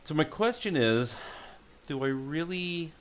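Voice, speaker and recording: A man's voice: on the high side, animated, measured pace, clear, resonant tone. A man livestreaming a game from a room at home, thinking aloud and muttering to himself and his pets. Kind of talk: casual game livestream commentary.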